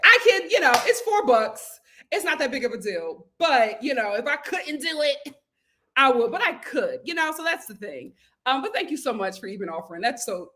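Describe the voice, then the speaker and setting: A young woman hosting a casual live stream, reading viewer comments aloud and chatting back with frequent laughs and restarts. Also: fairly high pitch. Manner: chatty and animated, laughs often, stammers and restarts.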